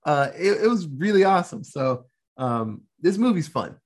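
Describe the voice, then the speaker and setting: A man tells a movie plot with big swings in pitch and a husky, breathy tone. He talks animatedly, swears freely and laughs through the retelling as a podcast host. His voice sits fairly high for a man. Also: big pitch swings, normal speed. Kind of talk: casual movie recap.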